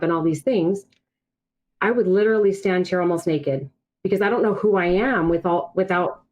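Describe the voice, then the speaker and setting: Podcast guest: woman from Brazil, native Portuguese speaker, lowish voice, candid and reflective, on a video call. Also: steady tone, fairly quick, muffled recording. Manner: candid, reflective personal storytelling. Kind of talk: casual podcast conversation.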